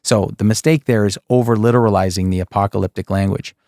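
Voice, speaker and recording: A man with a fairly low voice teaches the Bible in a loose, conversational way. He pokes fun at his point with tongue-in-cheek rhetorical questions and keeps checking in with "okay?" The sound is dry and close, with no room behind it. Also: steady tone, fast talker, a little mellow, no room sound. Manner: folksy, keeps saying "okay" and "folks".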